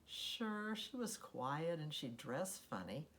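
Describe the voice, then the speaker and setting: A woman reading a children's story aloud in an expressive, unhurried storytelling manner. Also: sits low, slight background noise. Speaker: storybook reader.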